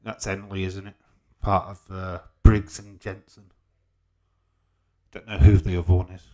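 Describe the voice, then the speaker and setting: Slow-talking British man, casual stream host. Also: sits low, little pitch movement, a little mellow. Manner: swears freely, chatty, mutters asides. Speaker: livestream host. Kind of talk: casual watch-along commentary reading chat.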